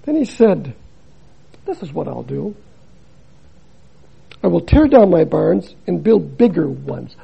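Older man, gravelly voice, preaching, loud then hushed, muffled recording. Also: fairly high pitch, big pitch swings, takes it slowly, pauses often. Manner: dramatic, swings between loud emphasis and hushed drops. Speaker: missionary preacher. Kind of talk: sermon.

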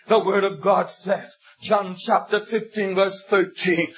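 Male preacher, slow and impassioned, husky tone, dull lo-fi church recording. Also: high voice. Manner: impassioned, rising to shouts on key lines. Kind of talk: sermon. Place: church building.

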